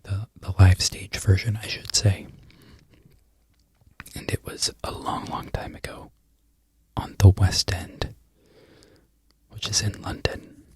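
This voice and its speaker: A man in a whispered ASMR ramble who loses his train of thought and laughs softly at himself. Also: deep voice, flat delivery, takes it slowly, long pauses, slightly rough, no room sound. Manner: mostly unvoiced whisper. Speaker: crochet content creator.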